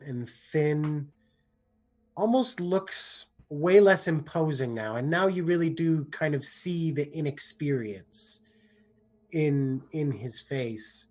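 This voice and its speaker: A man narrating a tabletop game as game master, painting scenes slowly with restarts and filler words. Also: a little high. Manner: slow, descriptive narration with frequent restarts and softening fillers.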